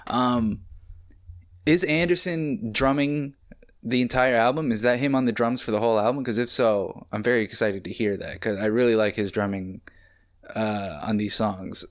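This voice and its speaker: A young man casually reacting to an album at home, rambling and excitable, swearing as he goes. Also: medium pitch, moderate pace. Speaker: music reaction host. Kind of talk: casual music reaction commentary. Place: home, late at night. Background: faint music playing.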